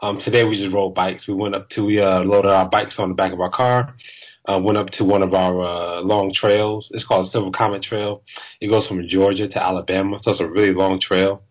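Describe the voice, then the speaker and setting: A man's voice: sits low, little pitch movement, fairly quick, lo-fi sound. A man co-hosting a podcast in casual chat, telling stories in a laid-back way with lots of fillers. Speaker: podcast co-host.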